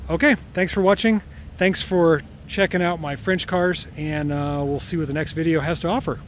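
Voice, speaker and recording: A man's voice: fairly high pitch, steady tone, normal speed, a little hiss or hum. Chatty man touring his workshop. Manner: rambling, self-correcting, fond of the cars. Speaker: car restorer and channel host. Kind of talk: casual shop walkaround vlog. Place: home workshop and driveway.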